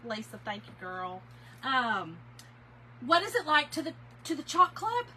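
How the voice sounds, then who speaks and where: A high-pitched woman with big pitch swings and a sharp tone speaks at a measured pace, the rough recording carrying a little hiss or hum. She hosts a casual craft-supply sale stream, warmly thanking viewers by name, and she laughs and gets emotional easily.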